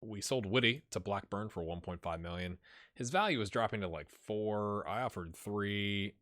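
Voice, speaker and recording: A man with a lowish but very bright, forceful voice, commentating on a football management game for his channel. He chats casually and slangily to the players on screen. He swings between loud excited cheering and muttered asides. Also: moderate pace. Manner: excitable, talks to players in the game, loud outbursts when goals come; slangy and joking, trails off into mumbles. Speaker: gaming channel host. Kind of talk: let's-play game commentary.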